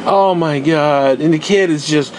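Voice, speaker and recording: A man's voice: a little high, a little slow, heavy background noise. A young man hosting a podcast, ranting in a casual, profane, exasperated and rambling way. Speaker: podcast host.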